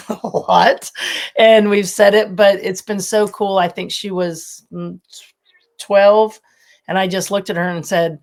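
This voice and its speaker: A woman in her fifties, a former college softball coach, telling stories with animation and frequent laughter as a podcast guest. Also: medium pitch, takes it slowly, vocal fry. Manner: animated storytelling, laughs often. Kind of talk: casual podcast interview.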